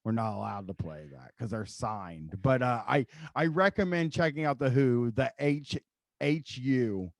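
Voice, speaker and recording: A man's voice: mid-range voice, lively intonation, a little slow, dry recording. A man hosting a podcast in casual chat, rambling and swearing with amusement. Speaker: podcast host.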